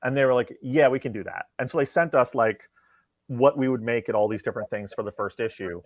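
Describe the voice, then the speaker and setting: A man's voice: mid-range voice, quick pace, no echo. A man tells anecdotes as an interview guest, slipping into other voices for quoted lines. The recording is dry and a bit muffled. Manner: animated, acts out quoted dialogue. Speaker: comic writer guest. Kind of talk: conversational storytelling interview.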